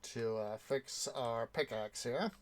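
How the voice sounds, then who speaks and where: A young man running a gaming channel chats casually as he plays, his medium-pitched voice unhurried. His commentary rambles and hesitates, packed with fillers.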